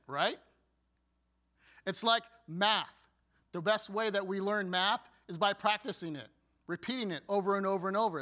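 A man preaching a sermon as a pastor, earnest and deliberate, with playful asides. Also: high-pitched, sharp tone.

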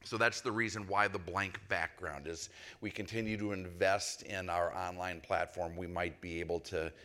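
A man in his forties preaching a sermon in a relaxed, storytelling way with frequent restarts. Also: deep voice, moderate pace. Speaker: pastor.

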